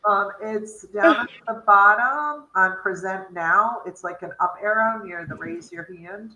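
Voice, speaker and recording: A woman's voice: medium pitch, unhurried, pushed and bright, roomy sound, low-quality recording. A woman in a casual video-call meeting who picks at wording and talks with lots of "like" and "um".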